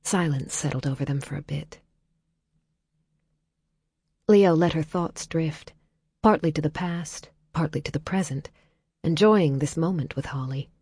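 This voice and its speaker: A woman reading a novel aloud as audiobook narrator in a calm, measured way, dropping soft in tender passages. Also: low voice, slightly rough, no echo, clean studio sound. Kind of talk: scripted narration.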